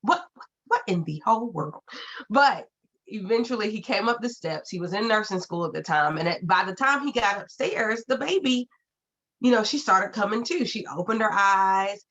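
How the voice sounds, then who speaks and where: A woman speaks earnestly to an online audience, telling a story from her own life and repeating key phrases for weight. Her pitch sits in an ordinary middle range. The sound is slightly muffled and lo-fi, like a video call. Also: expressive, normal speed, a bit bright. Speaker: keynote speaker. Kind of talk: personal story in a keynote talk. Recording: muffled lo-fi audio.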